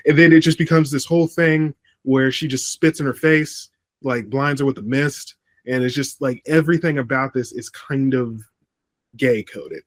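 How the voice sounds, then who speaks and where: Guy rambling on a podcast, lots of ums, middle pitch, dry close sound. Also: measured pace, dry recording. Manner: rambling, with frequent ums and restarts. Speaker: podcast co-host. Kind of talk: casual wrestling review chat.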